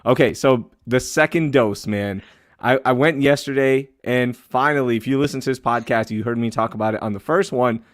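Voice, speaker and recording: A man tells a story on a podcast in a lively, teasing way, laughing at himself. His voice sits in a middling register. The sound is close and dry, with no room around it. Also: medium pitch, normal speed, no echo. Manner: animated storytelling, mocking himself. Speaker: podcast co-host. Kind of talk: casual chat.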